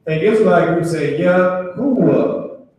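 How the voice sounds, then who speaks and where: Male teacher, unhurried board lesson, drawn-out words, slightly high voice, roomy echo. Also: animated, a little mellow, slight background noise. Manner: casual, repeats and restarts, drawls key words. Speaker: Hebrew class teacher. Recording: very echoey room, mic far off.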